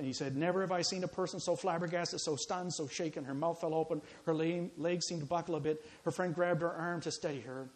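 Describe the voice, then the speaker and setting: A man preaching a sermon, telling a story in an animated, dramatic way full of quoted dialogue. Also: high-pitched, brisk, poor audio.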